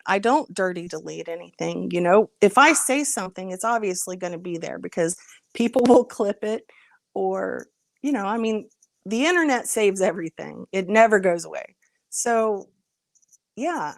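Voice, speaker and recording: A woman in her thirties talks in an earnest, exasperated way on a livestream, breaking off to greet viewers by name. Her voice sits at an ordinary pitch. The recording is dry and close, with no room sound. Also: expressive, moderate pace, creaky, no echo. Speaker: livestream host. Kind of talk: casual livestream chat.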